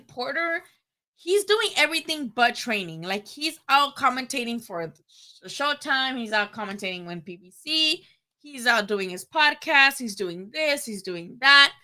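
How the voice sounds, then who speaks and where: A young woman hosting a casual boxing livestream, rambling, animated and profane. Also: a little high. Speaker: boxing channel host.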